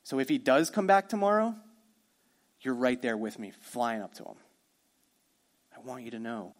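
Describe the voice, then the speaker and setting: Guy pastor giving a sermon, casual and energetic, keeps talking right to the crowd. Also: mid-range voice, normal speed. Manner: energetic, conversational preaching with asides.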